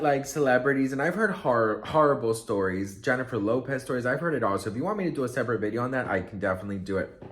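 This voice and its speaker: Male vlogger, conversational storyteller, very lively pitch, talks around the middle of the male range. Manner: chatty and expressive, acts out quotes, many fillers. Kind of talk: casual storytelling to camera.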